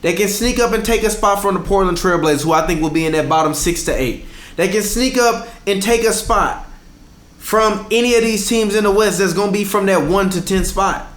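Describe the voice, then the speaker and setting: A man's voice: high voice, brisk, fairly bright tone. Argumentative man in an echoey room. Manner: argumentative, talks over his co-host, stumbles on names. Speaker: podcast co-host. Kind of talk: casual sports debate.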